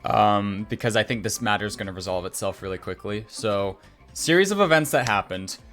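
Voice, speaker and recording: A man running a tabletop game as game master, narrating in a relaxed, chatty way. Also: on the low side, normal speed, faint music behind.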